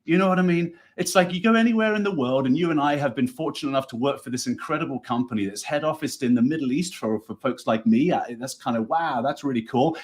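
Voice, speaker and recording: A man's voice: medium pitch, quick pace, few pauses. A man with a New Jersey accent hosting a live online interview, talking in an effusive, enthusiastic, rambling way. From United States. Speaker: host.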